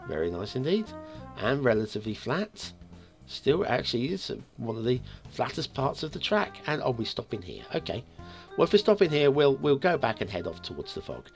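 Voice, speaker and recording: A man's voice: medium pitch, huge pitch swings, moderate pace. A man from the UK hosting a map review show, chatting playfully with asides as he looks around. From United Kingdom. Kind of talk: casual game commentary. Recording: faint music behind.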